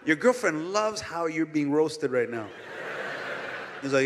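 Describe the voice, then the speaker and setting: A male stand-up comedian from Canada doing crowd work, teasing audience members in quick jabs and laughing between lines. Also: fairly high pitch, animated, fairly bright tone. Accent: Canadian English. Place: large comedy venue on stage. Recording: live theater recording with audience laughter and hall reverb.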